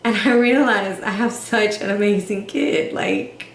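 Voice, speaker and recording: A woman giving a casual tarot reading, animated and sassy, with casual swearing. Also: medium pitch, brisk, few pauses, reverberant, a little hiss or hum. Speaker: tarot reader.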